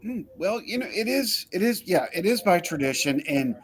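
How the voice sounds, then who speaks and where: Upbeat guy hosting a holiday video chat, kinda high voice, playful. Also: big pitch swings, moderate pace, slightly rough. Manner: upbeat, playful, greets people by name. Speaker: host. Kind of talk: casual chat. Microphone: video call.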